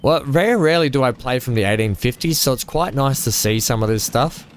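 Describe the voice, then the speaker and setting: A man hosting a let's-play, commenting casually from home, rambling, joking and thinking out loud as he plays. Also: mid-range voice, expressive, brisk, a little hiss or hum. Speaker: gaming channel host.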